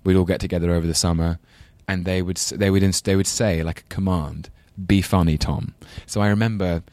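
English guy w london accent rambling on a chat show, deep voice, dry sound. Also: steady tone, darkish tone, no echo. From England. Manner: rambling, self-deprecating, quick to laugh. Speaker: guest actor. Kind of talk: casual chat.

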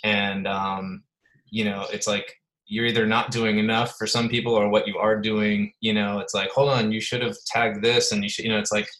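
A man's voice: on the low side, flat delivery, normal speed, fairly bright tone, low-quality recording. A man joining a podcast from his apartment, talking in a laid-back, rambling way with many restarts. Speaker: podcast guest. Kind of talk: casual conversation. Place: apartment at home.

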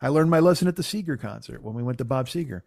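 A man's voice: medium pitch, racing, gravelly, no room sound, studio quality. A man co-hosting a podcast in casual chat, telling stories with lots of swearing and mimicking people. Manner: profane, animated storyteller who mimics people. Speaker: podcast co-host.

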